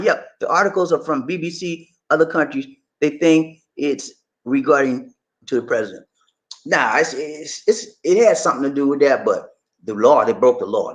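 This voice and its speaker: Chatty New man with a lively voice. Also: mid-range voice. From New York. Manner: loose and chatty, repeats phrases, chuckles often. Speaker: livestream host. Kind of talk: casual livestream chat reading viewer comments.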